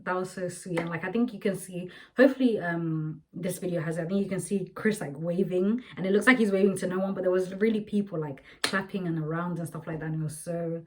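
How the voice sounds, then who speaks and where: A woman's voice: lowish voice, fast, hardly any pauses, a little mellow, slight background noise, low-quality recording. A young woman telling a personal story to her viewers in a chatty, rambling vlog style, full of fillers. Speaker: vlogger. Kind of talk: casual storytelling to camera.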